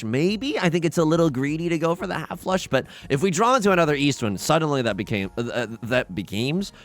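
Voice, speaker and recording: A man hosting a let's play, chatting casually and rambling with many restarts, getting excitable over the game. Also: mid-range voice. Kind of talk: casual gaming commentary.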